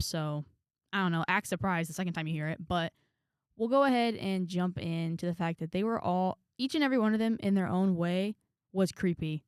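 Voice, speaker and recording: A woman's voice: lowish voice, smooth, dry recording, studio quality. A young woman vlogger telling a story in a frank, chatty way, with sighs and trailing asides. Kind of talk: casual storytelling to camera.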